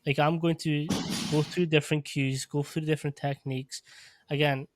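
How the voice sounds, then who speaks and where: Man, coach, podcast host, measured, higher voice, dry sound. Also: flat delivery, dry recording. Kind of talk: casual podcast conversation.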